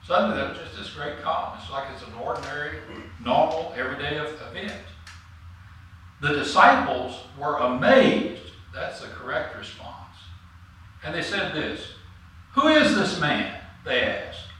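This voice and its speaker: A man's voice: on the high side, normal speed, pushed and bright, a little hiss or hum. A man preaching a sermon as pastor, earnest and rising to emphatic on key points. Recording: roomy echo, mic at a distance.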